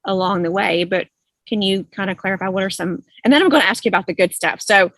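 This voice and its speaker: A woman's voice: medium pitch, fast, a bit bright, no echo. Woman host asking rambling questions. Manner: rambling, self-correcting questions full of fillers. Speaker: host, interviewer. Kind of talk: casual interview questions.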